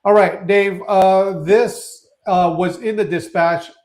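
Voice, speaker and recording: A man co-hosting a casual live-stream chat, talking excitedly and often restarting his sentences. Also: sits high, slow pace. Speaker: co-host.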